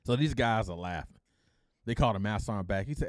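A man's voice: fairly low pitch, animated, fast, no echo. A middle-aged man from Detroit hosting a podcast, telling a story casually and with energy, acting out the people he quotes and adding blunt slangy asides. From Detroit, USA. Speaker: podcast host.

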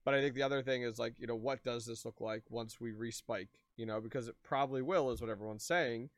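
A man's voice: mid-range voice, fairly even intonation, fast, no room sound. A man in casual chat, agreeable and thinking aloud as he talks.

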